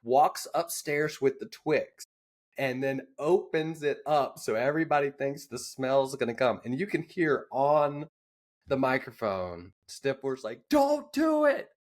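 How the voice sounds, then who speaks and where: A man telling a joking anecdote in casual chat, shouting the quoted lines. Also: mid-range voice, unhurried. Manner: easygoing, laughs into punchlines, shouts quoted lines. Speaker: podcast guest.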